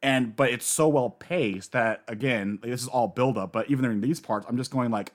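A man in casual chat, recapping a story with lively enthusiasm and acting out the characters he quotes. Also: medium pitch, a little fast, hardly any pauses. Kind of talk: casual manga discussion.

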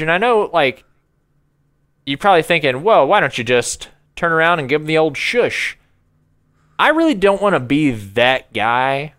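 A young man in casual chat, telling a story in an animated way and laughing often. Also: mid-range voice, clean tone.

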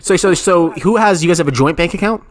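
A man co-hosting a podcast who teases his guest in crude, casual banter and fires off questions. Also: a little high. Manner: crude, teasing, rapid-fire questions. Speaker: podcast co-host.

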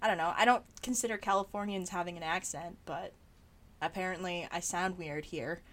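A woman's voice: fairly low pitch, fairly even intonation, fairly quick, a bit bright. Laid-back woman podcast guest. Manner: laid-back, anecdotal, laughing. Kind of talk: casual chat.

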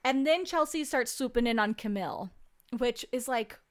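A woman's voice: fairly high pitch, animated, moderate pace. Chatty young woman, casual recap. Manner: chatty, swears freely, lots of "like" and "um". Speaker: podcast co-host recapping a reality show. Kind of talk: casual chat.

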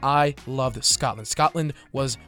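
A man's voice: mid-range voice, unhurried, a bit bright, soft background music. Laid-back laughing young man, podcast co-host. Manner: loose, laughing, swears freely, rambling storyteller. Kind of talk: casual chat.

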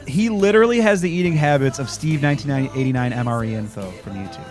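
A man hosting a casual chat recapping a TV episode, joking and slipping into quick character impressions. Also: a little high, animated, music in the background.

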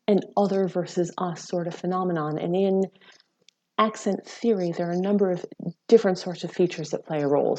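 Woman researcher explaining stuff in an interview, low voice, lots of ums. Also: mellow. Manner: measured, explanatory, with frequent ums. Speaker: psychology researcher. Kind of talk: expert interview answers.

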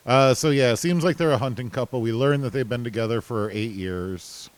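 A man co-hosts a casual recap podcast, sounding laid-back and hesitant with lots of fillers. His medium-pitched voice runs fairly quick, and the audio quality is poor.

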